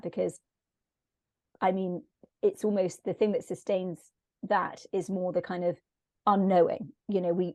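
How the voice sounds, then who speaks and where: Woman, podcast co-host, mellow gravelly voice, thoughtful and measured, dry close sound. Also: lowish voice, no echo. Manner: reflective, philosophical, measured. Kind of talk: podcast conversation.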